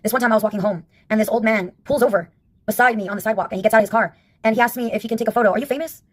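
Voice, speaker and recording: A woman's voice: medium pitch, fairly even intonation, racing. A woman in her fifties telling stories in a casual monologue, wry and sarcastic, laughing at her own anecdotes. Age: 50s. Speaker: vlogger.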